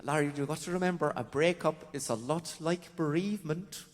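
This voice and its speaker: Man playing a gentle Southern Irish friend, hushed and slow, on a theatre stage with long reverb. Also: on the high side, natural voice. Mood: earnest. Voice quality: soft, gentle. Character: soft-spoken male Southern Irish friend giving advice.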